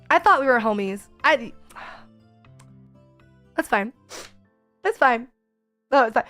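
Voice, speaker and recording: High-voiced candid young woman streamer. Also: takes it slowly, pauses often, faint music behind. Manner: candid, chatty and expressive. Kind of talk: casual chat.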